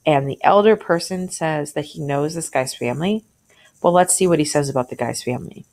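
A woman teacher with a low voice and a gravelly edge talks through a story as she annotates it. She speaks conversationally and keeps asking questions aloud as she works. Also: moderate pace, darkish tone.

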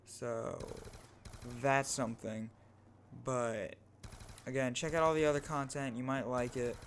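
A man's voice: mid-range voice, steady tone, unhurried, slight background noise. A young man vlogging a casual story, rambling and often adding "like" and "right?" into a new microphone. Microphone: first microphone, home setup.

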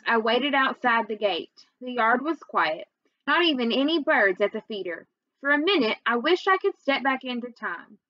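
A woman with a fairly high voice reading a children's novel aloud, telling the story with expression. The sound is dry and close, with a dull, muffled top end. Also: no echo. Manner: expressive storytelling, first-person narrator. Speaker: reader.

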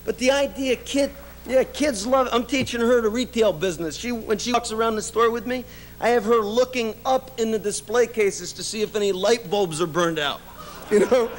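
A man's voice: very high-pitched, normal speed, a little hiss or hum. A middle-aged man giving a business speech, telling anecdotes with frequent laughs and many "you know"s. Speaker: business speaker. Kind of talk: keynote storytelling speech. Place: event stage before an audience.

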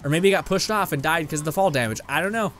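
A gaming video host, a young Canadian man, races through rambling let's-play commentary, laughing often and swearing casually. His voice is a little high with a fairly bright tone, recorded in a home room fitted with a green screen and lights.

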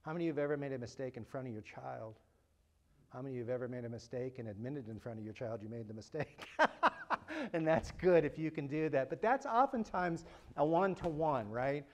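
Speaking quickly at medium pitch, a man leads a parent workshop in a room with a live audience. His talk is lively and animated, full of questions for the listeners and jokes.

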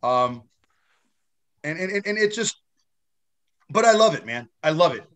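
A man's voice: a little high, very animated, unhurried, fairly bright tone. A man being interviewed as an actor guest, still shaken after a head injury, talking in a rambling way with many restarts and casual swearing.

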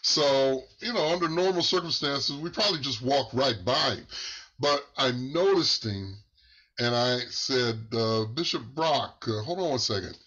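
A man telling a church testimony in a halting, unhurried way, pausing and restarting, his voice climbing as the story excites him. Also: mid-range voice. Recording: muffled lo-fi recording.

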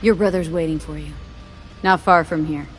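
A woman's voice: sits low, fairly even intonation, moderate pace, soft background music, lightly acted. A woman playing a blunt mercenary. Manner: blunt and dry. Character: dry, blunt young female mercenary.

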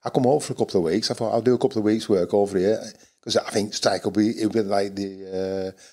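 An older man from the North West of England whose accent carries a bit of Dutch. He chats in a relaxed, rambling way, full of fillers, restarts and mates, as an interview guest. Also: on the low side, quick pace, husky. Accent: Northern English with some Dutch. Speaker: guest angler. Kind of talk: casual interview chat.

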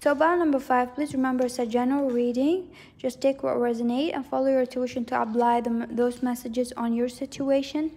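A woman's voice: high voice, steady tone, a little fast, hardly any pauses, dark tone. A woman giving a casual psychic tarot reading, rambling and hedging as she repeats herself. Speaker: tarot reader.

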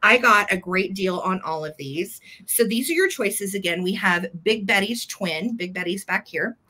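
Brief: female live-sale host, bright forward tone, gushy chatter. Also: medium pitch, expressive, moderate pace. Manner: chatty and gushing, fond little words. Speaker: host selling vintage items live. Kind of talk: live sale chat, describing items.

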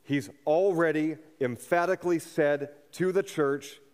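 A man's voice: on the high side, fairly even intonation, measured pace, darkish tone, smooth. A man preaching a sermon as a pastor, earnest and building to fervent emphasis. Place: church sanctuary. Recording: long reverb of a church hall.

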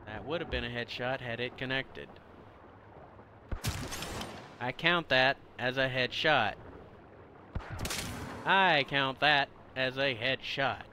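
A man's voice: medium pitch, a little slow, bright, forceful tone, slight background noise. A man giving gameplay commentary, exasperated and grumbling with mock-formal asides, his throat sore and coughing. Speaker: gamer.

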